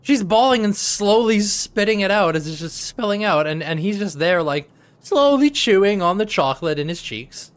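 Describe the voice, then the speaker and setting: A parent telling an animated story in casual chat, laughing often. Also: medium pitch, moderate pace.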